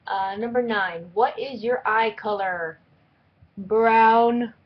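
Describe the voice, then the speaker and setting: A woman's voice: fairly high pitch, takes it slowly, muffled recording. Chatty young woman vlogging. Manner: chatty and rambling, with frequent fillers. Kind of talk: casual tag video chat.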